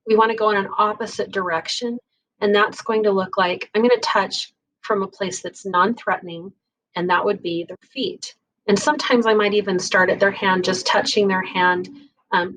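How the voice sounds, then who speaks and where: Woman instructor, mid-pitched, casual and chatty teaching tone, keeps checking in with "right?". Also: low-quality recording. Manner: chatty, warm with kids, frequent "right?" and "okay?" asides. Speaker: EMS instructor. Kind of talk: casual recorded lecture.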